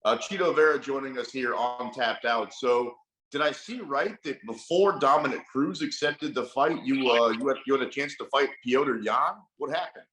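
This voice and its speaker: A man's voice: mid-range voice, normal speed, fairly bright tone, echoey room, poor audio. A man co-hosting a casual interview who asks short, direct questions. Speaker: podcast co-host.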